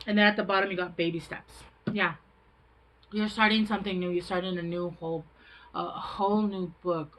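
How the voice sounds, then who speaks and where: A woman's voice: fairly low pitch, steady tone, fairly quick, lo-fi sound. A woman giving a casual, rambling tarot reading, frank and chatty, often stopping to restart her sentences. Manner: rambling, chatty, self-interrupting. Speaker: tarot reader.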